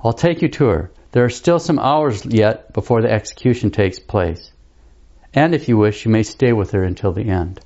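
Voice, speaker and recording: A man's voice: lowish voice, expressive, normal speed, mellow, dull audio. A man voicing a formal, polite male prison governor with a grave manner.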